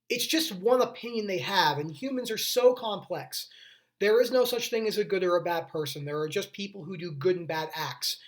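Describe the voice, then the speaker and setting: A man's voice: high voice, a bit bright. A young man hosting a mental health video, talking earnestly in a casual, rambling way, often restarting his sentences and going off on tangents. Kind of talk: casual talking-head explainer.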